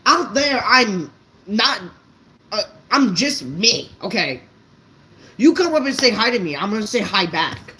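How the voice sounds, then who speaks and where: A woman's voice: medium pitch, sing-song, a little slow, sharp tone, a little hiss or hum, low-quality recording. A woman vlogger ranting unscripted to her viewers, blunt and profane, stumbling over her words. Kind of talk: unscripted rant to camera.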